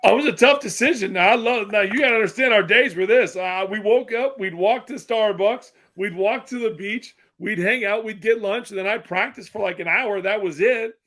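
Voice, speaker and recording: A man from Wisconsin, a former basketball player, chatting as a podcast guest in an animated, emphatic way. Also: high-pitched, normal speed, hardly any pauses. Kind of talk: casual podcast chat.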